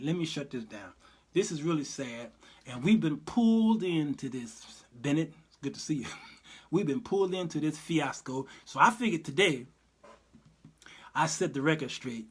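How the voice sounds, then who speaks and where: A man hosting a livestream commentary, who talks in an animated, preachy, folksy way. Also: fairly high pitch, moderate pace, husky. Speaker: host and Bible teacher.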